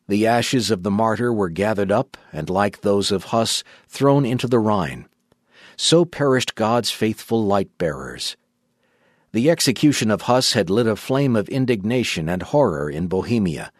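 A man narrates in a measured, solemn reading. His voice sits low. The recording is dry with no room sound. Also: lively intonation, no room sound. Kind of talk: scripted audiobook narration.

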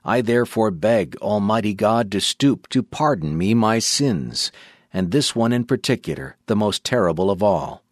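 A devout martyr facing death speaks in earnest, steady declamation, as a man reads him out. The voice sits low. The sound is dry and close. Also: normal speed, dry recording, lightly acted. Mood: defiant. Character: condemned male martyr, defiant and devout.

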